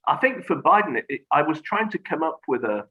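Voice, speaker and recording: A man speaking as a guest in a reflective conversation, measured and thoughtful, pausing on fillers. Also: a little high, big pitch swings, bright, forceful tone, husky. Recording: dull lo-fi audio.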